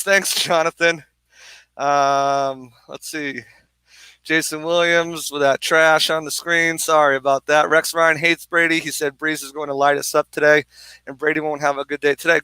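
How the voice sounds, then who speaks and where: A man co-hosting a live sports watch-party stream outdoors on a bar deck, excitedly reading viewer comments and a little out of breath. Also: on the high side, moderate pace, smooth, no echo, poor audio. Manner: hyped, energetic, reads viewer comments aloud.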